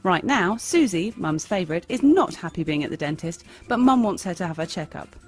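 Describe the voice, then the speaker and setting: A woman teaching improv comedy in a bright, demonstrative instructional narration. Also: on the low side, lively intonation, fairly quick, soft background music. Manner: bright, demonstrative, sing-song.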